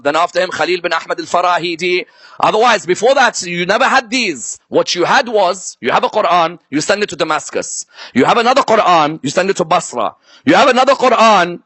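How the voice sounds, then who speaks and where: A man's voice: high voice, fairly bright tone, no echo. A man giving a live religious history lecture who keeps checking in with his listeners through rhetorical questions. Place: lecture before a live audience.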